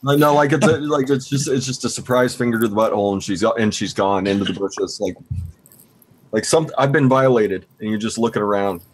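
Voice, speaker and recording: Joking low-voiced man on a chat show. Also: a little fast, low-quality recording. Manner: joking, crude humor. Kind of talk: casual group chat.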